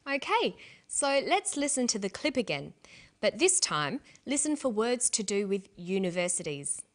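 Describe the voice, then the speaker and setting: A woman narrating an English lesson, speaking slowly and carefully and spelling out letters one by one. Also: medium pitch, sing-song, a little hiss or hum. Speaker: English teacher. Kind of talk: scripted language lesson narration.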